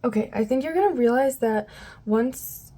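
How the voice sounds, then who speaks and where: A woman with a fairly high, mellow voice talks her viewers through a tarot reading in a loose, chatty way. She wanders off mid-thought, circles back, and fills the gaps with soft asides. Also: normal speed. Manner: rambling, loses her train of thought, addresses viewers as "guys". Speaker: tarot reader.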